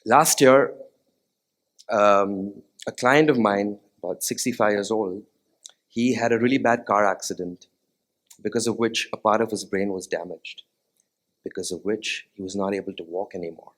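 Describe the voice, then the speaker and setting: A man's voice: on the low side, moderate pace. A man, a music therapist, giving an earnest stage talk to a live audience, asking them questions now and then. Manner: sings short nursery melodies as demonstrations. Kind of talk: TEDx-style stage talk.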